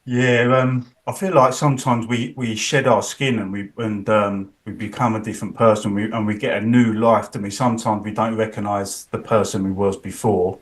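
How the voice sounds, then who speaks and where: A man's voice: fairly low pitch, fairly even intonation, moderate pace, few pauses. A man hosting a podcast, chatting casually and a bit hesitantly. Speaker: podcast host. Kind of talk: conversational interview.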